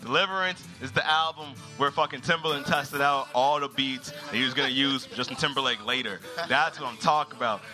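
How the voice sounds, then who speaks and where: A man hosting a live comedy show, teasing the audience with loud, profane banter. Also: mid-range voice, brisk, hardly any pauses, faint music behind. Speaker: host. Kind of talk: live comedy crowd work.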